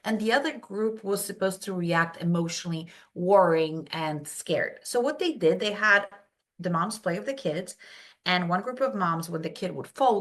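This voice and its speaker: A woman from Poland, a brain health coach, telling stories as a podcast guest and acting out quoted voices. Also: normal speed. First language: Polish. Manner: animated storytelling, acts out quotes in high voices. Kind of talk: casual podcast interview.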